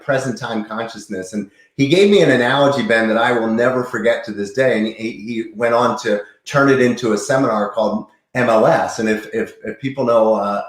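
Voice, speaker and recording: A man's voice: mid-range voice, reverberant. A man in his fifties, a chiropractor, talking earnestly and enthusiastically as an interview guest, often restarting his sentences. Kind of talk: casual interview talk.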